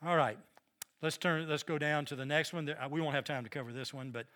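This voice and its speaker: A man's voice: on the high side, steady tone, a little fast, pushed and bright. A middle-aged man with a Southern American accent, teaching a Bible study lesson in an earnest, emphatic way and often repeating words.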